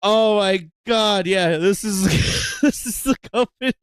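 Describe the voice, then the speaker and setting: A man hosting a livestream, giving casual, profane, excitable commentary and laughing often. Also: high-pitched, slow, clean tone, dry recording. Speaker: livestream host.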